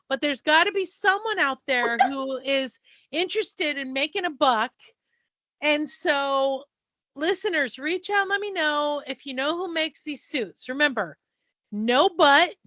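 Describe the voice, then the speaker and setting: A woman's voice: sits high, sharp tone, dry recording. A woman in her fifties co-hosting a podcast, chatting animatedly and swearing casually. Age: 50s. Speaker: podcast co-host. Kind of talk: casual chat.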